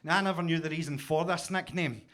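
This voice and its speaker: Scottish stand-up in his forties, high bright voice, punchy self-mocking delivery. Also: quick pace. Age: 40s. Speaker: stand-up comedian. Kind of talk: stand-up set. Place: basement comedy club stage.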